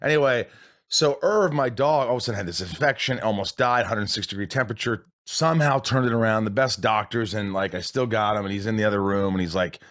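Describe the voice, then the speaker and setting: Low-voiced man asking blunt questions. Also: quick pace, a bit bright. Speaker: podcast host. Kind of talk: casual conversation.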